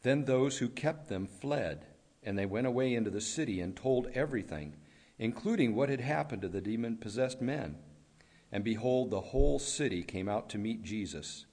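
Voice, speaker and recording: A man reading a long scripture passage aloud in a measured, steady way. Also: medium pitch. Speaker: scripture reader.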